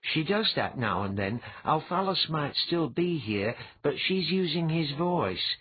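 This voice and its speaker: A man's voice: a little high, very animated, measured pace, slightly rough, no echo, voice pushed up, full character voice. A man reading an audiobook, voicing an earnest, respectful young man. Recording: dull lo-fi.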